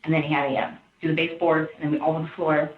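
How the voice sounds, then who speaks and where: Woman, rambling and halting, quick speech, thin phone-like sound, echoey room. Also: low-pitched, little pitch movement. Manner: rambling, halting, quotes others in a raised voice. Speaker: interviewee in police interrogation footage. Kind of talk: recounting events in an interview. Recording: distant, echoey, phone-like interrogation room audio.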